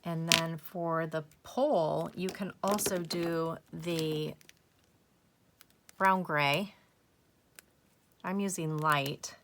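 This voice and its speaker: Woman, crafting host; slow, gentle step-by-step tutorial delivery. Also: deep voice, steady tone, slight background noise. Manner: soft, unhurried, gently encouraging.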